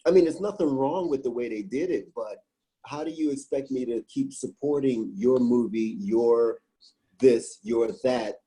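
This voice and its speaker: A man with a mellow, warm voice chats in a relaxed interview. He tells his stories with animated swings, acting out his own thoughts in quotes and tripping over fillers. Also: medium pitch, poor audio. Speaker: guest author. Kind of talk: casual interview chat.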